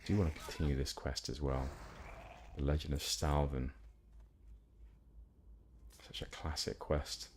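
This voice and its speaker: Deep-voiced chatty man streaming a game. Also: little pitch movement, unhurried, pauses often, a little mellow, a little hiss or hum. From Hampshire, England. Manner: rambling, chatty, many fillers and restarts. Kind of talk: casual gameplay chat with viewers.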